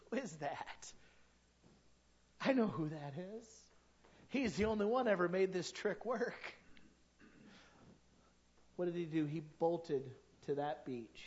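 A man's voice: a little high, animated, a little slow, pauses often, highs cut off. A man preaching a sermon, telling stories in a folksy, colloquial way full of asides. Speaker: pastor.

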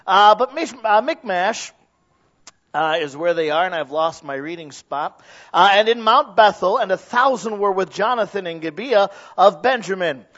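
A man's voice: high-pitched, muffled recording. A man teaching a Bible study, reading scripture aloud and adding casual asides with frequent "uh" fillers.

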